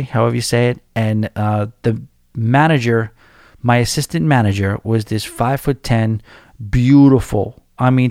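A man's voice: mid-range voice, a little mellow, dry recording. Ny guy in his 40s rambling thru a story, lots of restarts, dry no-room sound. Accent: New York. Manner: rambling, many restarts and fillers. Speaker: podcast host. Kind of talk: casual storytelling rant.

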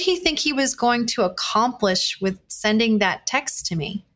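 Woman, podcast host, candid personal story, blunt, swears, conversational restarts, middle pitch. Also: moderate pace, hardly any pauses, a bit bright. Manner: frequent restarts and fillers, conversational retelling. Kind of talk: personal dating story told to listeners.

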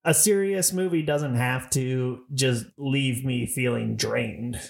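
A man co-hosting a casual movie podcast, talking in a dry, deadpan way. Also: medium pitch, takes it slowly, gravelly. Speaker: podcast co-host.

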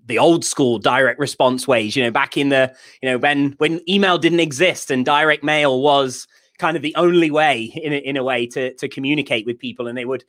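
A man with a British accent co-hosting a podcast, chatting casually in a rambling, self-deprecating way with halting starts. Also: mid-range voice, a bit bright. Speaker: podcast co-host.

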